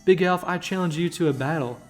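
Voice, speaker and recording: An excitable young boy rival from a video game, read aloud by a man, rushing through his lines. His voice sits a little high. Faint game music plays behind him. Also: close to an everyday voice. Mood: excited.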